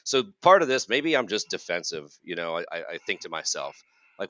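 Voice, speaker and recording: Dull, echo-free audio carries a low-pitched, fairly bright male voice, very animated and a little fast. He's a US college counselor in his forties, co-hosting a podcast and ranting casually in an exasperated, sarcastic way.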